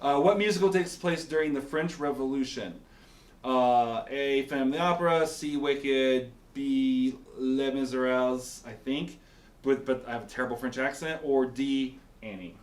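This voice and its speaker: A man's voice: mid-range voice, normal speed. A man hosting a casual quiz game, teasing and rambling in playful banter. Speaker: pastor and show host. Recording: echoey room.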